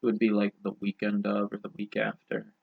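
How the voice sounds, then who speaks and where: Speaking briskly and monotonously, a young podcast co-host cracks crude, rambling jokes in loose conversation. His voice is on the low side, creaky and slightly rough. The recording is dull lo-fi podcast audio.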